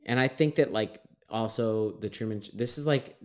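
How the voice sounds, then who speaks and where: A man's voice: fairly low pitch, moderate pace. A man co-hosting a podcast, musing and hedging in casual chat about movies. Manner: musing, hedging, with frequent fillers. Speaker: podcast co-host.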